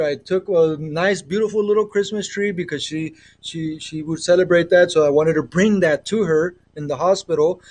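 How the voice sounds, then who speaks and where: A middle-aged man with a Mexican accent and a fairly high voice hosts a casual spiritual livestream from home. He speaks through an earbud mic in a rambling, earnest way, often trailing off mid-thought and starting over. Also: darkish tone. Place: home with children nearby. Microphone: earbud headset.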